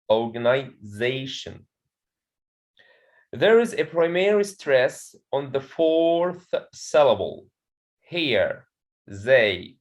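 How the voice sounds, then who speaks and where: A man with an Egyptian accent leads an English pronunciation class in a classroom. He speaks slowly and deliberately in a slightly raised pitch. He peppers his explanations with "okay" and stops to ask whether everyone follows. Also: low-quality recording. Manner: repeats "okay" often, checks students understand. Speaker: English teacher.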